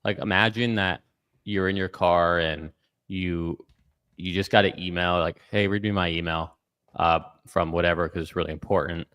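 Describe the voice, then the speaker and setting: A man's voice: low voice, steady tone, moderate pace, a bit bright, clean tone. A man co-hosting a podcast, joking around and using lots of fillers while acting out spoken commands. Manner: jokey, filler-heavy, acts out commands. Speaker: podcast co-host. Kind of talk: casual panel chat.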